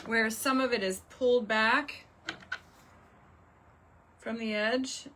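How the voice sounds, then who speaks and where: A woman's voice: a little high, steady tone, slow pace, sharp tone, a little hiss or hum. Exasperated woman crafting live. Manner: exasperated, talks to herself and chat. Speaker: crafting livestream host. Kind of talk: casual crafting livestream chat.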